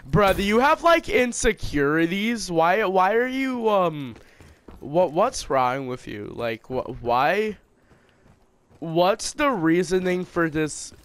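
A man's voice: on the high side, fairly bright tone, clean tone. A man trash-talking an opponent over online game chat, mocking and insulting. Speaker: online gamer.

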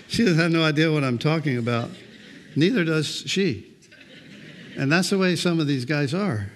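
A man's voice: fairly high pitch, animated, normal speed, a bit bright, a little hiss or hum. An older man preaching a sermon as pastor, talking in a loose conversational way and often repeating words as he goes.

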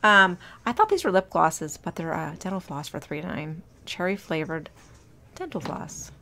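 Young woman doing a shop-with-me vlog on her phone, low-ish gravelly voice, kinda gushy and chatty, lots of ums. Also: big pitch swings, normal speed, bright, forceful tone. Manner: chatty, gushing over cute items, lots of ums. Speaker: shopping vlogger. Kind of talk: casual shop-with-me narration. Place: indoor retail store. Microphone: handheld phone.

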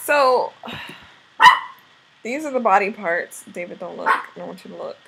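A woman co-hosting a home vlog, casually teaching words, often laughing and slowly repeating words to coach. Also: medium pitch, expressive, gravelly, heavy background noise.

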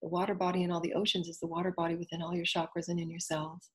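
A woman spiritual teacher giving an inspirational talk, speaking in earnest, flowing phrases and soft repeated affirmations. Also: fairly low pitch, completely flat delivery, racing, hardly any pauses, slightly rough. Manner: earnest, flowing, at times whispered.

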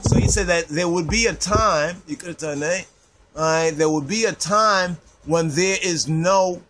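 A man with a somewhat high voice teaches a scripture sermon. He reads verses aloud, stops to explain them, and tags his phrases with "right?" as he goes. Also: a little slow, fairly bright tone. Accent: Rastafari "I and I" speech. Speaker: Rastafari preacher.

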